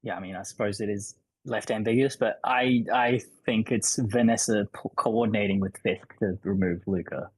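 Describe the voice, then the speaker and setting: Man, husky voice, dry close sound, hedging, thoughtful podcast chat. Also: fairly low pitch, fairly even intonation, normal speed, few pauses, dry recording, poor audio. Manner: hedging, thoughtful, restarts with likes. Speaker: podcast panelist.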